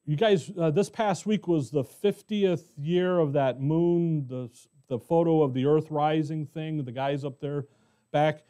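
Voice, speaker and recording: A middle-aged American pastor teaching verse by verse in a conversational way, often asking the congregation questions. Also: male voice, on the high side, fairly even intonation, measured pace, mellow, smooth. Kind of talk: expository Bible teaching.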